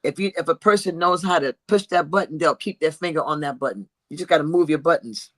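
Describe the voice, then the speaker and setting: A woman hosting a casual chat show, blunt and animated, who calls herself an old-school lady and talks. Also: low-pitched, fast, dry recording. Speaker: host.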